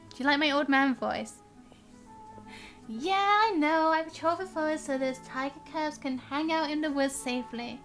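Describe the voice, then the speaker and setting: A young woman live-streaming a game, reading its dialogue aloud with a high, bright voice. She chats in a bubbly way and laughs off her stumbles. Faint game music sits behind her. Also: normal speed. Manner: chatty, bubbly, stumbles on words and laughs at herself. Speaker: gaming streamer.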